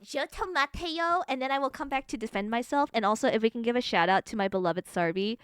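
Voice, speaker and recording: A young woman from California streaming live as a cat VTuber, chatting with her viewers in an excitable, giggly way, swearing often and breaking into squeals. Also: on the high side, fast talker, smooth, no room sound, clean studio sound.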